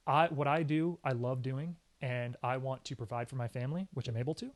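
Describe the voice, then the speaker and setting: A man in a relaxed interview tells his career story with real energy. His voice sits in an ordinary middle range, and he punches key words and slips into little acted-out quotes. The tone is casual and emphatic throughout. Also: medium pitch, a little fast. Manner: animated storyteller, often acts out quoted speech. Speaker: sports anchor and reporter, podcast guest.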